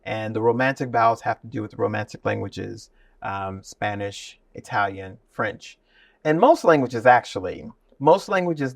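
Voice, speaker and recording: A man's voice: mid-range voice, creaky, dry recording, clean studio sound, distant mic. A man, a voice teacher, explaining his methods with enthusiasm as an interview guest.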